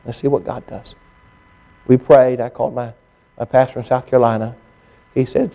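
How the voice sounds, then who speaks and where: A male pastor preaching a sermon, telling stories and acting out what others said to him, often rising to an excited, strained pitch. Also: normal speed, gravelly, muffled recording. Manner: storytelling preacher, climbing to high excited pitch when quoting others.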